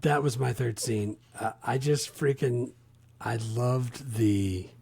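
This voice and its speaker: A man co-hosting a casual movie podcast, enthusiastic but often dropping low and quiet at the ends of lines. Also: steady tone, slow pace, gravelly, husky, no room sound. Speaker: podcast co-host.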